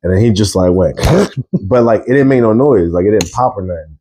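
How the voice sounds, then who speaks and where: A man's voice: lowish voice, fairly quick, mellow. A young man co-hosting a podcast, telling rambling, filler-heavy stories in casual chat. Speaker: podcast co-host.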